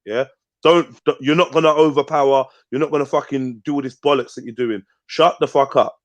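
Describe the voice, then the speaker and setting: A man's voice: mid-range voice, steady tone, a little fast. A man hosting a live panel show, arguing confrontationally, swearing a lot and punctuating his points with "yeah?". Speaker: host. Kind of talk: heated live panel debate.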